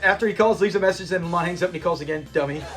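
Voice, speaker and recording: A man with a high voice talks casually and eagerly as a channel host, looping back on himself and restarting sentences as he goes. Faint music plays softly behind him. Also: very fast. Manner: enthusiastic and rambling, with frequent restarts and quoted lines. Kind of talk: casual fan commentary on a classic sitcom.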